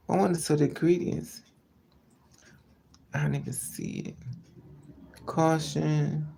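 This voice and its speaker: A woman's voice: low-pitched, steady tone, slow pace, gravelly, pauses often, dark tone, slightly rough. A woman chatting casually on a live stream from her car, telling stories and quoting people in raised voices. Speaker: vlogger.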